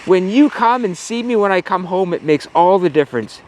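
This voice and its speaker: A man playing a tired, kindly farmer in a children's story, speaking slowly and gently. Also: sits high, lively intonation. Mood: tender.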